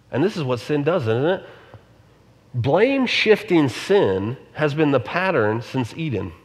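A man's voice: on the high side, fairly bright tone, big-room sound. A male pastor preaching a sermon in a conversational way, often asking the congregation rhetorical questions.

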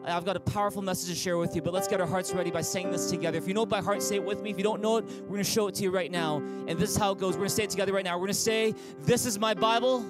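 A man's voice: high-pitched, fairly even intonation, very fast, few pauses, over loud music, poor audio. A man preaching as pastor in an online church service, upbeat and inviting, leading listeners in call-and-response. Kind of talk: sermon.

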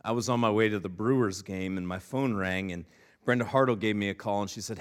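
A man's voice: fairly low pitch, brisk. A male pastor in his thirties preaching a sermon, telling a funny personal story with lots of repeated words before moving into scripture. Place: church sanctuary.

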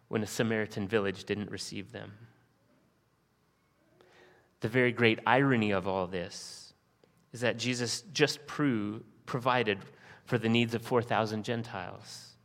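A man's voice: on the low side, fairly bright tone. A male pastor preaching a sermon, reading scripture aloud and posing earnest rhetorical questions to the congregation. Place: church sanctuary. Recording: long reverb of a church hall.

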